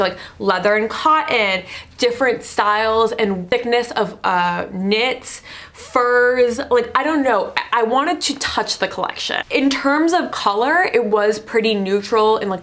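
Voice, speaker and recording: A young adult woman giving casual fashion commentary as a vlogger, chatty and excitable, with "like" all through her speech. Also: fairly high pitch. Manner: chatty and excitable, full of "like" fillers.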